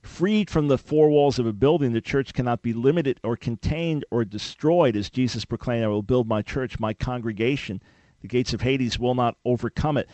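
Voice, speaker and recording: A male talk radio host delivers an emphatic, preacherly teaching and builds to rhetorical questions. His voice sits at an ordinary middle pitch. The sound is dry and close with no room echo. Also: moderate pace, dark tone. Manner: emphatic, preacherly, quotes scripture.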